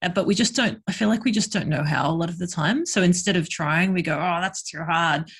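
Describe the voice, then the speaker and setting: Woman guest, husky, frank and chatty. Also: on the low side, fast. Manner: frank, chatty, lots of fillers. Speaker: guest, sex worker and educator. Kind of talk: casual podcast conversation.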